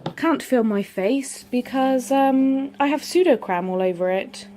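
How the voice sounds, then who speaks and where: A woman's voice: sits high, measured pace, dark tone. A young heavily pregnant woman chatting casually to camera at home, chatty and self-deprecating. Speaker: vlogger. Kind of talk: casual vlog chat to camera. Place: home, indoors, washing machine running. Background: washing machine hum.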